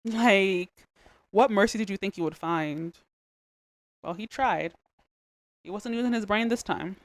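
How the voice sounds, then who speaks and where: A young adult woman hosting a podcast, retelling a Bible story in a casual, animated, slangy way with joking asides. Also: mid-range voice, unhurried, no room sound. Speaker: podcast host.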